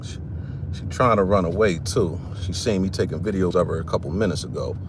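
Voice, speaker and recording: A man's voice: low-pitched, brisk, background noise. Blunt, profane man vlogging outdoors. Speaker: content creator. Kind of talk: casual vlog commentary while walking. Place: outdoors in a cemetery.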